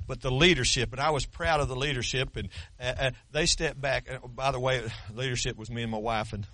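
Forceful folksy preacher in his sixties. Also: medium pitch, no echo. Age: 60s. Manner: folksy storytelling with humor. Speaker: pastor. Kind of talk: sermon.

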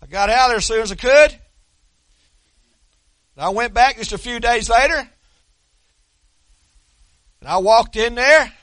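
Male pastor, sermon, high bright voice, folksy dry humor, dry close recording. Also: unhurried, pauses often, no room sound. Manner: folksy storytelling with dry self-deprecating humor; repeats and restarts words.

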